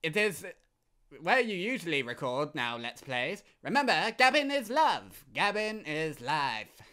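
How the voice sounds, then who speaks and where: A man voicing a very high-pitched, overeager male game shop owner in a game playthrough. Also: big pitch swings, unhurried, bright, forceful tone, clean tone, full character voice. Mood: gushing.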